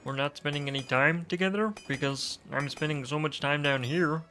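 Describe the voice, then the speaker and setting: A man voicing Kermit the Frog, a gentle male puppet frog, humming and halting before he speaks. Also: a little high, faint music behind. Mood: wistful.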